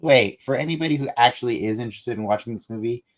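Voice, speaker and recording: A man co-hosting a podcast, talking through a movie in a rambling, animated way with many restarts. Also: mid-range voice, fast talker. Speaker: podcast co-host. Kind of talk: casual movie discussion.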